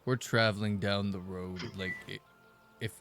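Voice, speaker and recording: A man's voice: lowish voice, steady tone, noisy background. A man playing a tabletop game, stammering a little as he describes what his character does. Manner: halting, stammers. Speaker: player.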